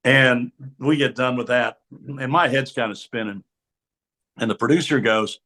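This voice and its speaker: A middle-aged man tells a long story as an interview guest in a radio studio. He is animated and acts out other people's voices, at an ordinary mid-range pitch for a man. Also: measured pace. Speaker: sportscaster guest.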